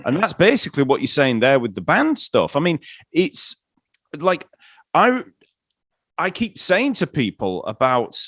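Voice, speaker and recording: A man's voice: fairly high pitch, huge pitch swings, a little slow, fairly bright tone, no room sound, clean studio sound. A man hosting an interview, laid-back, reading tips from a list with many fillers. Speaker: interview host. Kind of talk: casual interview.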